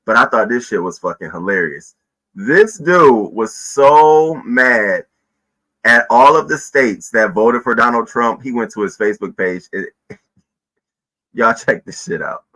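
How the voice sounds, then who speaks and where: Bright-voiced man hosting a casual livestream. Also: mid-range voice, expressive, measured pace, poor audio. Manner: chatty, greets viewers by name, often repeats himself. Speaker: host of a live news commentary stream.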